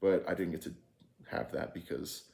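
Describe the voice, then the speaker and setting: A man's voice: low voice, moderate pace, creaky, a little mellow. A man telling a frustrated, candid story in a casual, rambling way, swearing freely and restarting his sentences often. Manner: rambling with frequent fillers and restarts. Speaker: vlogger recounting an experience.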